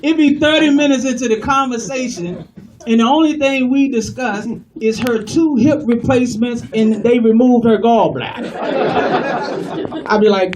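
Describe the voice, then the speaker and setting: A male comedian doing a stand-up set and acting out customer phone calls in an animated way. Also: extremely high pitch, moderate pace, background noise. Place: comedy club stage. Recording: distant live club recording with loud crowd.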